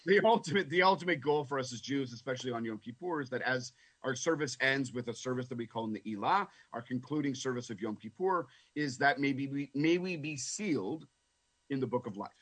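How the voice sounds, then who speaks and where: A man speaking as a rabbi co-host, earnest and halting, with many fillers and repeated words. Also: medium pitch, animated, a bit bright, slightly rough. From Canada. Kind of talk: casual radio talk.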